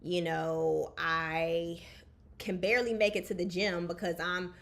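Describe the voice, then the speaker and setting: A woman's voice: on the low side, level tone, unhurried, gravelly, a bit bright. A woman hosting a podcast, chatting candidly and casually from her home over a video call. She talks openly and informally, calling her guest "girl.". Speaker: podcast host. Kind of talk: casual chat.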